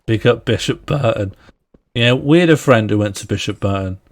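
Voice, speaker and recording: A man with a fairly low voice, speaking at normal speed, live-streams a game. Throughout the casual session he banters playfully with viewers and friends, laughs often, and talks to himself mid-play.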